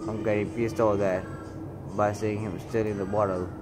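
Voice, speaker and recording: With music in the background, a male cashier voices angry commentary over store security footage, indignant and heated as he calls people names. His voice is lowish and his delivery flat, at a normal speed.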